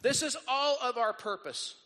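A man preaching a sermon as pastor, lively and acting out the people he quotes. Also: very high voice, moderate pace, long reverb tail. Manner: animated, acts out quoted voices.

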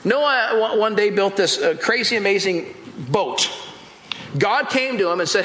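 A pastor giving a casual, animated sermon, acting out scenes from the Bible in different voices. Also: male voice, high voice, measured pace, roomy sound, rough recording.

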